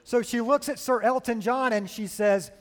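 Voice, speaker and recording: Male pastor preaching, high voice, animated storyteller, long echo in a big hall. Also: normal speed. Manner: animated storytelling, keeps asking "right?". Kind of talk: sermon.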